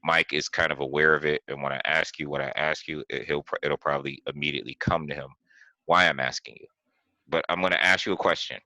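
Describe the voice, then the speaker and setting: A man hosting a casual podcast chat, teasing and playful, building up to his questions deliberately. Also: very deep voice, steady tone, sharp tone, no room sound, poor audio. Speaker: podcast host.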